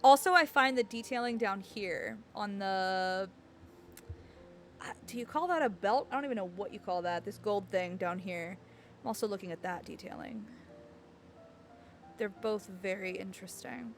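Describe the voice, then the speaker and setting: A woman's voice: medium pitch, moderate pace, faint music behind. A woman streamer chatting casually and reading game text aloud, giggling often.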